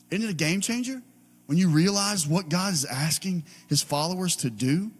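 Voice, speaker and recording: A man's voice: high-pitched, normal speed, slightly rough. A man in his thirties with a Southern US accent, preaching a casual, conversational sermon full of "like" and "man.". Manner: conversational, with many filler likes and mans. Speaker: pastor. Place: church auditorium. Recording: live church broadcast with music behind. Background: music.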